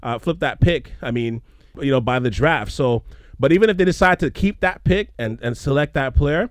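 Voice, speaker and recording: A man's voice: medium pitch, expressive, moderate pace, dry recording, studio quality. A man co-hosting a casual sports talk show, giving earnest, hedging analysis. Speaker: co-host.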